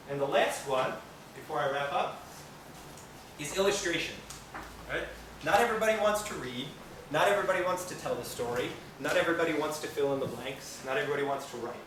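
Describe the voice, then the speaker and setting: A higher-voiced man from America runs a teacher training, his pitch swinging up and down as he plays with voices. He sounds far from the mic in a very echoey room, and there is clear background noise. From United States. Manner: animated, playful, acts out silly reading voices. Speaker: English teacher giving a training.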